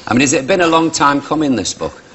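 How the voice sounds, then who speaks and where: A male talk show host with a bright, sharp-edged voice whose pitch swings widely as he talks. He gushes effusively over his guest and laughs easily. A faint hiss runs under the studio recording. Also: very animated, fast talker. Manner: effusive, gushing praise with laughter.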